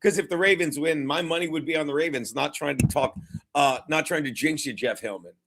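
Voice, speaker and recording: A man's voice: on the high side, fairly quick, fairly bright tone, a little hiss or hum. A man hosting a casual sports talk show, rambling and jokey with lots of swearing.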